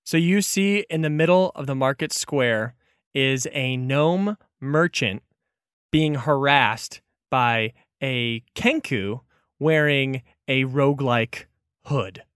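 A man acting as game master, narrating a tabletop game scene in a measured way. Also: mid-range voice, fairly bright tone, smooth, dry recording, clean studio sound.

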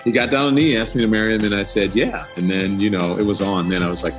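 A man's voice: quick pace, music in the background. A middle-aged man telling a personal story as an interview guest, acting out what people said with big jumps in his voice. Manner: animated, acts out quotes with big pitch jumps. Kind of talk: casual storytelling.

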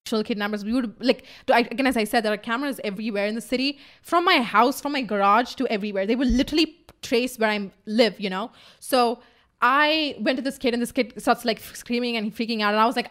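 A young woman co-hosting a podcast, telling a story in a loose, animated way, swearing freely and acting out what people said. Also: a little high, fast. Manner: animated, swearing, acts out quotes. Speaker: podcast co-host. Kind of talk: casual storytelling chat.

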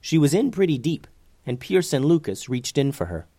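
A man narrating a children's fantasy story in an expressive, animated way. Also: a little high, moderate pace, dry recording.

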